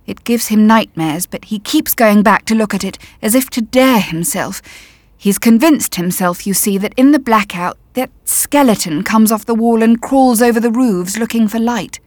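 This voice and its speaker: A woman reading the part of a frightened German mother who talks in a hushed, hissing whisper. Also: fairly high pitch, moderate pace, no echo, close to an everyday voice. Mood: worried.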